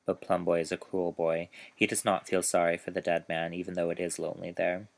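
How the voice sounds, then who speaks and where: A man reading his own dark short story aloud in a slow, measured storytelling manner. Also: low voice, level tone, gravelly.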